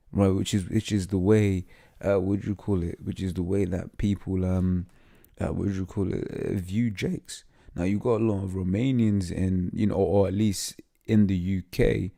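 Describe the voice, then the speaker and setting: A man giving an informal scripture teaching, full of fillers and "right?" tags, reading passages aloud haltingly. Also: sits low, creaky, warm tone. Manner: halting, many fillers and tag questions; reads text aloud haltingly. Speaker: lay preacher.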